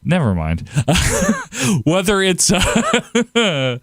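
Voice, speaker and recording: A man chats casually to his livestream audience, answering comments as they come. His pitch swings a lot as he rambles and laughs. The sound is dry and close to the mic. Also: very slow, no room sound. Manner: rambling, laughs often, animated outbursts. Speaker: livestream host. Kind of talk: casual livestream chat reading viewer comments.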